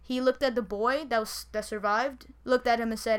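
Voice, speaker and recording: A woman's voice: a little high, fairly even intonation, normal speed, clear, resonant tone. A woman co-hosting a podcast who retells a crime story in loose, profane casual chat and often trails off. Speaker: podcast co-host.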